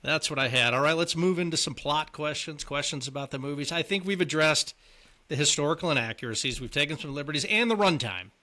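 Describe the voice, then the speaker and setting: A man's voice: on the high side, quick pace, sharp tone. A man co-hosting a podcast, chatting easily about a film and putting questions to his co-host. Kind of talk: casual movie chat.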